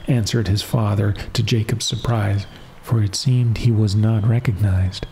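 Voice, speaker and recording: A man calmly reading a fairy tale as a soft-spoken bedtime story. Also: on the low side, moderate pace, vocal fry, slight background noise.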